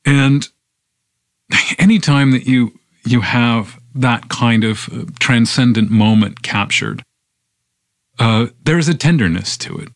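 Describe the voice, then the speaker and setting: A man reading a poem aloud on a podcast, then reflecting on it in a measured, unhurried way with thoughtful pauses. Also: mid-range voice, creaky, no room sound, clean studio sound. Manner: measured and unhurried, with pauses and fillers when speaking freely. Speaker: podcast poetry reader. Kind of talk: slow poetry reading and reflective commentary.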